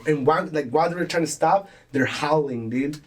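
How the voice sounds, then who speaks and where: A man's voice: fairly high pitch, fairly quick, slight background noise. A young man hosting a casual podcast, telling a rambling, swear-filled story and acting out the people in it. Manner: rambling, swearing, acts out quoted voices. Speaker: podcast host.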